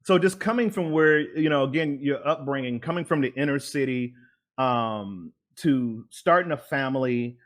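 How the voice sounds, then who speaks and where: A man's voice: medium pitch, moderate pace. A man hosting an interview show, talking casually with lots of fillers and repeated words. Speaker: podcast host.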